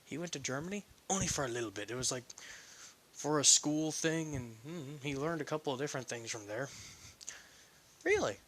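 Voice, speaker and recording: Rambling, bright-voiced male storyteller. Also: medium pitch, brisk. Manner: rambling, self-correcting, chatty asides. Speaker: fan fiction reader. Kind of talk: casual story narration.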